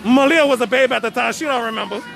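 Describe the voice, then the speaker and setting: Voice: medium pitch, very fast, creaky. A host streaming live from an outdoor family party, stammering and repeating words as they chat. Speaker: host of an online show. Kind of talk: casual live-stream commentary. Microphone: phone. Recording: outdoor party noise on a phone. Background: music and a chattering crowd.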